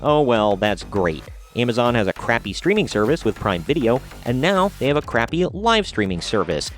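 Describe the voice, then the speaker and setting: A man's voice: medium pitch, big pitch swings, moderate pace, faint music behind. Sarcastic male commentary host. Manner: sarcastic and blunt. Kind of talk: opinionated commentary reading news articles.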